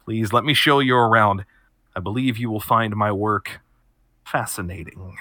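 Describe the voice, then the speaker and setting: Quiet nasally old scientist guy, frail and smug, bright thin tone, man doing it. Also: on the low side, normal speed, dry recording, studio quality. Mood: welcoming.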